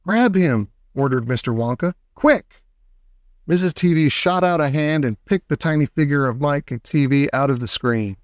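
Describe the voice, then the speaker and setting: An eccentric old candy maker full of theatrical cries, voiced by a man reading aloud, pitched up above the narration. The sound is dry and close, with no room around it. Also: normal speed, few pauses, no echo, close to an everyday voice. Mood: excited. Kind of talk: audiobook character voice.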